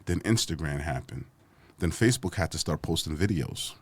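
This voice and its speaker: A man's voice: a bass voice, expressive, moderate pace, dry recording. A man hosting a casual interview, who laughs often and repeats words as he asks questions. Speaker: host.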